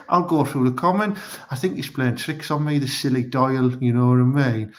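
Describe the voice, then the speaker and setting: A Teesside man hosts a live online comedy show, his medium-pitched voice moving at a moderate pace. He rambles through crude, casual chat and keeps falling back on "you know what I mean".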